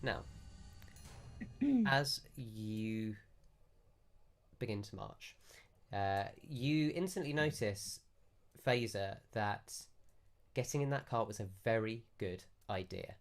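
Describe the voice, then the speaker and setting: A man as game master, narrating a tabletop game in a relaxed, descriptive way. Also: on the low side, slow pace.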